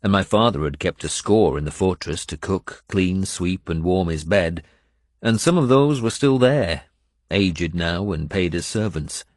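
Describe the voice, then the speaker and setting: A man narrating an audiobook in the first person, with steady, measured storytelling. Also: deep voice, no echo, studio quality.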